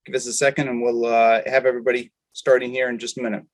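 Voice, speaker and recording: A man co-hosting an online webinar, giving welcomes and housekeeping notes in a hesitant way with many filler pauses, over a video call. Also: medium pitch, little pitch movement. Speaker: webinar co-host. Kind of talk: casual online meeting chat and housekeeping announcements.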